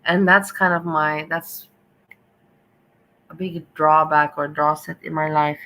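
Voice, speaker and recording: Woman streamer, sarcastic and rambling, a bit low with a bright edge. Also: steady tone, takes it slowly, low-quality recording. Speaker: stream host. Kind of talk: commentary.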